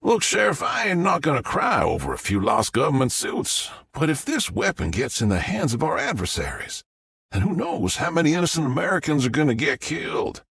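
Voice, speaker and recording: A man's voice: on the high side, very animated, fairly quick, vocal fry, fairly bright tone, husky, no room sound, pitched above the performer's own voice, heavily acted. A male narrator voicing a brash, confident military sergeant with a heavy Southern twang. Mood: swaggering. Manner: heavy twang, swaggering and dismissive.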